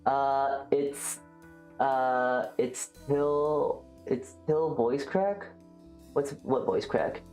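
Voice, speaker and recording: Deep-voiced lady streaming and yapping at chat, makes fun of herself, echoey room. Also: very slow, warm tone, soft background music. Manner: rambling, self-mocking, reacts to chat. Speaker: livestreamer. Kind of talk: casual livestream chat. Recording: roomy echo.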